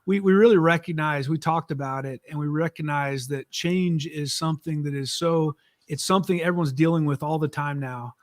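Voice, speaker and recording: A middle-aged man, an author and former executive, talking in a relaxed, conversational way with frequent fillers in an interview. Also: fairly high pitch, fairly quick, no echo, studio quality. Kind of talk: casual interview talk.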